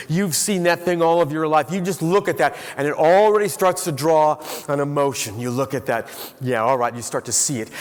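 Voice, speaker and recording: A middle-aged man giving a motivational keynote speech to a live audience in a large hall, telling an animated story and quizzing the crowd. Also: on the high side. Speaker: keynote speaker. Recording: long hall reverb.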